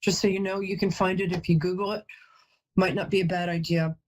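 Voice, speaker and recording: Husky chatty woman psychic. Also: on the low side, steady tone, fairly quick, a little mellow, rough recording. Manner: chatty, emotional, often breaks off and apologizes. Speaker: psychic medium host. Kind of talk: live call-in psychic reading.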